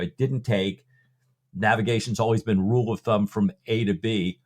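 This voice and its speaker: A man co-hosting a book podcast, talking through the background of the story in a loose, conversational way. His voice is fairly low and a little husky. He leans on filler phrases as he works toward each point. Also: darkish tone. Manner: conversational, many "you know" fillers, explains background. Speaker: podcast co-host.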